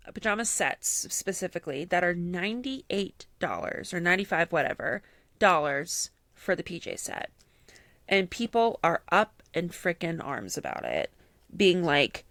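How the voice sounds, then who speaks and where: A woman's voice: lowish voice, animated, measured pace, fairly bright tone, no echo. Chatty woman telling a story. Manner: chatty storyteller, lots of fillers, acts out quotes. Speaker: podcast co-host. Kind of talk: casual chat.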